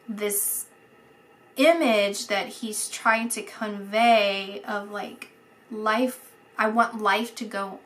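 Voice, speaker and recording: A woman giving a casual psychic reading, halting and searching for words, dropping to a whisper at times. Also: mid-range voice. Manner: soft, dreamy, drops to a whisper at times. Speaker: psychic reader.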